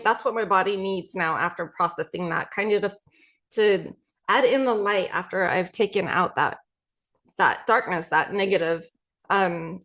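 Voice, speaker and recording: A woman hosting her own podcast as a mindset coach, gently leading a tapping session and repeating affirmations with many pauses. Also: medium pitch. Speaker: podcast host and EFT coach.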